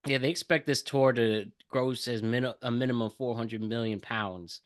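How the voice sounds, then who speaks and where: A man co-hosting a podcast, giving lively news-style rundowns in casual chat. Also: medium pitch, moderate pace, no room sound, studio quality. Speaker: podcast co-host.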